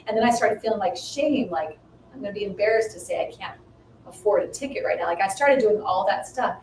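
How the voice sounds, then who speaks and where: A woman in her fifties tells a personal story in relaxed conversation, mid-range in pitch. She brings the story to life by acting out the voices in it. The sound is roomy and a little distant, with a faint hiss behind her. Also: brisk. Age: 50s. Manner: animated, acts out quoted dialogue with rising pitch. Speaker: guest. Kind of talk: storytelling in casual chat. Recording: echoey room, mic at a distance, faint noise.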